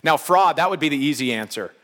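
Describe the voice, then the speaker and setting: A man's voice: on the high side, animated, a little fast, fairly bright tone. Conversational male preacher, hall reverb. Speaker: pastor. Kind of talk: sermon.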